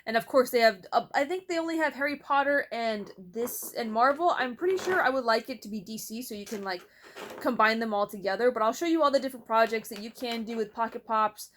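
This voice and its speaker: A woman's voice: a little high, brisk, a bit bright, a little hiss or hum. A young woman chatting casually to camera at home, talking to her cats between thoughts. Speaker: vlogger. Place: at home, indoors.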